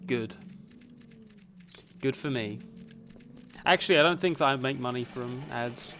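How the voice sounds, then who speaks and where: A man with a softened Essex accent, chatting casually to viewers while streaming a game, rambling with plenty of fillers. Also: mid-range voice, unhurried, slight background noise. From Essex, England. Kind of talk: casual live gameplay chat.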